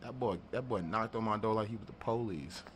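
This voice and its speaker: The speaker, a male beatmaker who vlogs from his studio, has a lowish voice and talks fairly quickly. He tells an animated story in a casual vlog, laughing a lot, cursing freely, and acting out what people said. Slight background noise can be heard.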